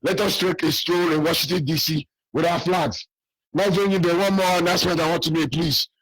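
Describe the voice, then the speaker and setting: Hoarse, high-voiced man calling in. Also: fairly even intonation, brisk, fairly bright tone, no echo, poor audio. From southeastern Nigeria. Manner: urgent, rallying, repeats key details. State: losing his voice. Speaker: caller. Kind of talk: radio call-in appeal.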